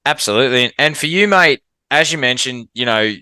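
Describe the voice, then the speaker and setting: A man's voice: medium pitch, lively intonation, fairly quick, pushed and bright, clean tone, no echo. An Australian man hosting a podcast, asking questions enthusiastically and saying "mate" a lot. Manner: enthusiastic, says "mate" often. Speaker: podcast host, firefighter. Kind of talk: casual podcast interview.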